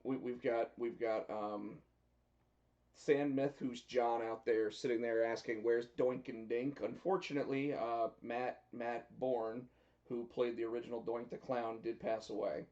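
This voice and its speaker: A man hosting a casual live chat show in a relaxed way, reading out viewer comments. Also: medium pitch, a little slow, dull audio. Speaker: host.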